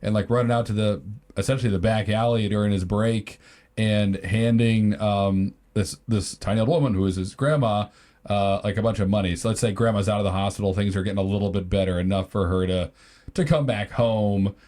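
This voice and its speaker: A man's voice: fairly low pitch, fairly even intonation, brisk, mellow. A man co-hosting a podcast, improvising a story with many fillers and restarts. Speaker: podcast co-host.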